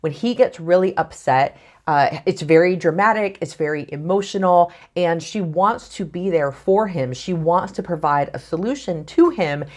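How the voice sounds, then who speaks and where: A woman relationship coach giving calm, earnest advice straight to camera. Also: fairly low pitch, normal speed. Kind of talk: direct-to-camera coaching talk.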